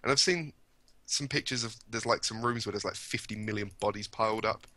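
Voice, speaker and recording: Bright-voiced young man, eager chatter. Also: lowish voice, fairly quick, dry recording. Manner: chatty, laughs often, eager. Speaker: podcast co-host. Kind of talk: casual chat.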